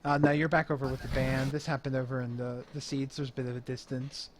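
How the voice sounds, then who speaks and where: A man's voice: mid-range voice, level tone, fast talker, very noisy. A man narrating as game master in a tabletop horror game, rambling with lots of hesitations. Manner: rambling, hesitant, many fillers.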